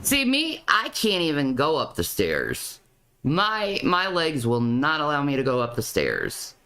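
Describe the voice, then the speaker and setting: A woman's voice: low-pitched, huge pitch swings, measured pace, bright, forceful tone. A woman commenting on a video clip, often stammering and repeating her words. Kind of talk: reaction commentary.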